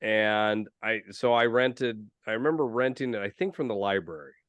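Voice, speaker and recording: A man's voice: fairly low pitch, moderate pace, a bit bright, dry recording, muffled recording. A man from Iowa, co-hosting a casual podcast chat and telling a rambling, chatty story. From Iowa, USA. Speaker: podcast co-host.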